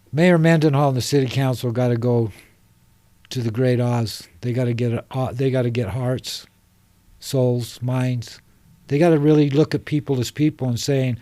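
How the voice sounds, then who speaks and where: Sitting in a podcast studio for a casual conversation, this guest is a middle-aged homeless advocate from Salt Lake City, Utah. Earnest and fired up, he drifts loosely between ideas. His mid-range voice is dark and mellow, captured close and dry with no sense of the room around it.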